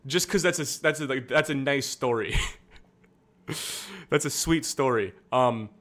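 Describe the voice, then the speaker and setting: A young man talking through a live stream in a loose, rambling way, full of fillers and self-corrections. His voice sits at an everyday middle pitch. He sounds candid and a little self-deprecating. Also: measured pace, fairly bright tone. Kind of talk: casual political commentary stream.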